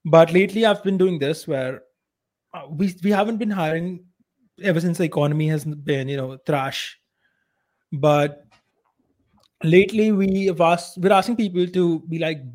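A man with an Indian accent co-hosts a laid-back podcast chat, being blunt and opinionated with uneven volume. He talks at a moderate pace, pausing often, in a slightly high voice.

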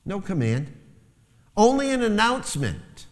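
A man's voice: high-pitched, wildly swooping pitch, measured pace. A man preaching a sermon as pastor, lifting his voice to stress key phrases. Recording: long hall reverb.

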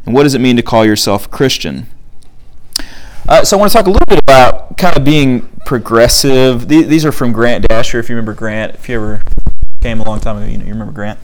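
A young man with a mid-range voice talks fast as he leads a study group's book discussion. His style is loose and conversational, full of fillers, and he reads quotes aloud in a casual teaching way.

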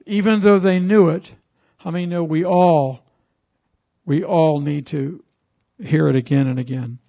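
A man's voice: a little high, steady tone, measured pace, gravelly, mellow. A man preaching a sermon as pastor, telling a story in a conversational way and asking the congregation questions.

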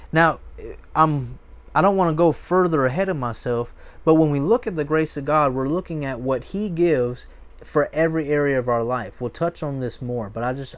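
A man, preaching a sermon in an emphatic, repetitive way with lively asides. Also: medium pitch. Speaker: pastor.

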